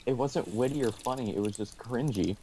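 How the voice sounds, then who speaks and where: A man's voice: medium pitch, brisk, mellow, slight background noise. A teenage boy casually telling a school story over a call, rambling with lots of restarts and laughs. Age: teens.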